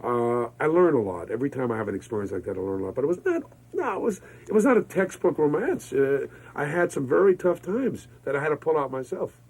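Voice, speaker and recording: A man, telling lively stories as a guest in an interview. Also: a little high, fast, breathy edge, poor audio. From Brooklyn, New York. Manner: energetic, exuberant storyteller. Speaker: radio disc jockey, guest. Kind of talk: interview conversation.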